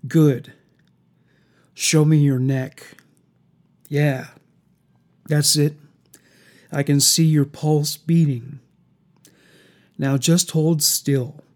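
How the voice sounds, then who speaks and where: A man playing a calm, mocking male killer in a horror story, soft-spoken and coldly menacing. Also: a little high, drawn-out words, pauses often.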